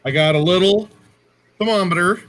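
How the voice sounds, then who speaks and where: A man's voice: sits high, normal speed, fairly bright tone. A man co-hosting a casual livestream, chatty and jokey, often stopping to correct himself. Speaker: co-host.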